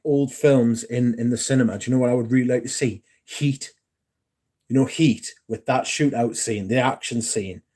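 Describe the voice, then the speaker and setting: A livestream host with a dark-toned, medium-pitched voice chats casually and rambles, answering his viewers and swearing now and then.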